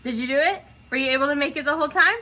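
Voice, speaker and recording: Bright-voiced woman leading breathing exercises. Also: sits high, rapid-fire. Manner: encouraging, checks in with "okay?" often. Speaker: theatre teacher. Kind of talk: guided breathing exercise instruction.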